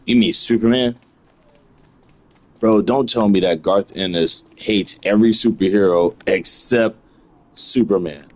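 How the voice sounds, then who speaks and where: A man's voice: on the low side, a little slow, pauses often, darkish tone. A man chatting casually while playing a video game, ranting in a repetitive, slangy way. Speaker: gaming video host.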